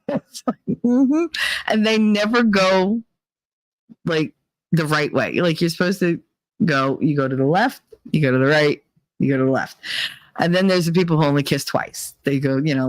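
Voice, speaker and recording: Blunt, profane woman telling stories. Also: no room sound. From Italian-American family. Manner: blunt, profane, animated, acts out other people's voices in high squeals. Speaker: podcast host. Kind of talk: casual storytelling monologue.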